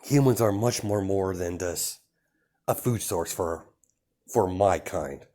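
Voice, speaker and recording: A man voicing an ancient vampire queen and mother, speaking calmly and scornfully in a fan-made story. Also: low-pitched, slow. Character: cold, mocking vampire queen mother, woman.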